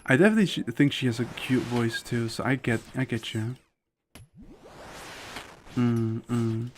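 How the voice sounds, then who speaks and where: A man's voice: medium pitch, fairly even intonation, a little slow, slight background noise. A man streaming live while he plays a game, chatting with viewers in a loose, rambling way full of "like" fillers and blunt opinions. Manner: opinionated and candid. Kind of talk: casual live-stream chat while gaming.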